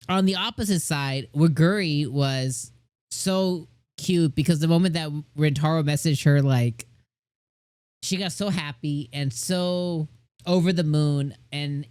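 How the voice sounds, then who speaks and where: A man's voice: a little high, darkish tone, clear, resonant tone, no room sound. A middle-aged man casually reviewing an anime episode, gushing and rambling with many fillers.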